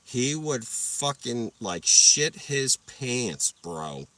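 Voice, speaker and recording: A man's voice: medium pitch, big pitch swings, very slow, a bit bright, no echo, recorded from a distance. A young man telling rambling, profane stories while sitting in his parked car, laughing at his own jokes. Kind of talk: casual storytelling livestream.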